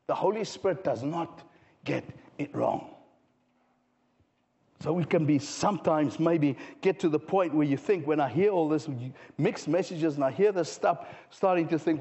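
A man preaching a sermon with a fairly high voice, swinging from loud exclaiming to hushed, drawn-out intensity. His voice rings through a long hall reverb. The sound is muffled and dull.

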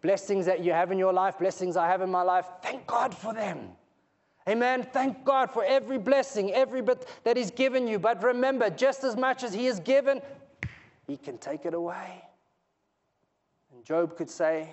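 A man preaching a sermon in a church hall, emphatic and rising to loud pleading peaks. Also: high voice, moderate pace. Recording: reverberant hall.

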